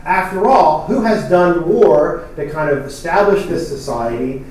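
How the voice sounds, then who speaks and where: A man's voice: on the high side, a little slow, a little mellow. A man giving an academic lecture from prepared text, with fillers and wry asides, recorded in a hall. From New Jersey. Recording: very echoey hall, speaker far from mic.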